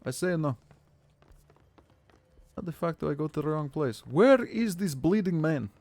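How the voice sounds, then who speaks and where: A man's voice: fairly high pitch, lively intonation, brisk, creaky, a little mellow. A man chatting and joking with his viewers while streaming a video game. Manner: chatty, joking, talks to chat. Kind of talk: casual gaming livestream commentary.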